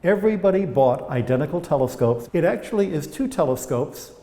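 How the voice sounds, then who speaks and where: Guy giving a tour of old telescopes, mellow voice, long echo in the dome. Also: a little high, lively intonation, fairly quick. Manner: chatty, anecdotal storyteller. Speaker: observatory guide. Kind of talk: guided tour explanation. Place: inside old observatory domes.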